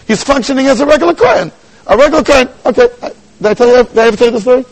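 A man's voice: very high-pitched, rapid-fire, poor audio. A man teaching a Talmud class, speaking in a sing-song study rhythm and mixing Yiddish and Hebrew terms into his English. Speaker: Torah teacher. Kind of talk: Talmudic lecture.

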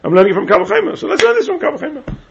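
A man's voice: extremely high pitch, wildly swooping pitch, racing, vocal fry. A man teaching a Talmud class, chanting phrases in a sing-song way and repeating his questions to the students. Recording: dull lo-fi class recording.

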